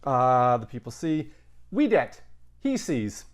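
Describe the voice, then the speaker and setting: A man's voice: mid-range voice, sing-song, slow pace. A man teaching a Latin lesson, thinking aloud with casual asides. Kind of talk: recorded lesson.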